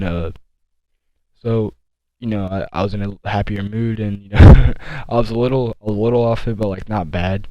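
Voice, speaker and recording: A teenage boy telling a story from his school days, rambling with many fillers and restarts, deliberately slowing his speech. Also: fairly low pitch, darkish tone, no echo, poor audio. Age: teens. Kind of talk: casual storytime monologue.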